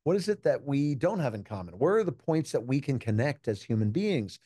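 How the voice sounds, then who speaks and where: Mellow-voiced man telling stories earnestly. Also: medium pitch, sing-song, a little fast, no room sound, clean studio sound. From United States. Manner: earnest, reflective storytelling with quoted dialogue. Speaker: keynote speaker and juggler, podcast guest. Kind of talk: casual interview conversation.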